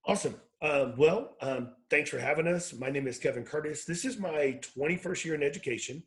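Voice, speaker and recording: A man in his forties talks over a video call, his voice sitting a little high. He rambles and doubles back to correct himself as he tells stories from his career in education. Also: fairly quick, rough recording. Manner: rambling, self-correcting storyteller. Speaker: educator, organization founder. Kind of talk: casual video call conversation.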